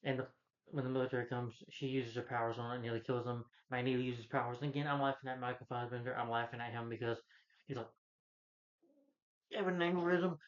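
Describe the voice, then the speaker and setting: A man's voice: mid-range voice, little pitch movement, quick pace, dull audio. A man reviewing a film in a rambling, casual rant, full of "you know" fillers and exasperated asides.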